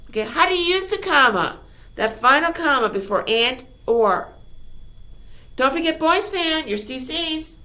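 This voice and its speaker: A woman teacher reviewing a lesson for her class, upbeat and emphatic, full of rhetorical questions and quick "okay?" checks. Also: sits high, pushed and bright. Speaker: high school English teacher.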